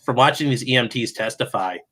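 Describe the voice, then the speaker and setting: A man's voice: medium pitch, fairly quick, fairly bright tone, husky. A man talking as a guest on a podcast, casual chat, blunt and opinionated, often repeating words as he starts. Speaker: guest, legal commentator.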